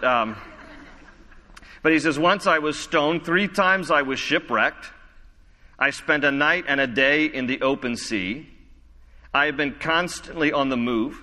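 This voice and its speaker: A man's voice: fairly high pitch, bright, forceful tone, long reverb tail. A man preaching an expository sermon, reading scripture and adding conversational, wry asides. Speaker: pastor.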